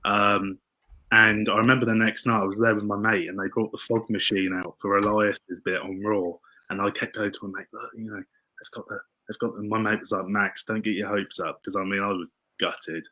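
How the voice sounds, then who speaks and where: A man telling stories as a podcast guest, excitable and tripping over his words. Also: lowish voice, moderate pace, rough recording. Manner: excitable, tumbling restarts. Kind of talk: casual storytelling interview.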